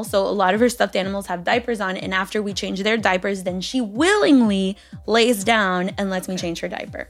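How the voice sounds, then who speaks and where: A woman's voice: medium pitch, normal speed, hardly any pauses. A woman in her thirties co-hosting a casual podcast, chatting and then reading a love letter to her young daughter, her voice catching with emotion. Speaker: podcast co-host.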